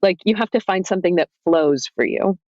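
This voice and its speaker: An audiobook narrator chatting as a podcast guest, thinking out loud with plenty of "like". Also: medium pitch, brisk, no room sound, highs cut off. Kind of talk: casual roundtable discussion.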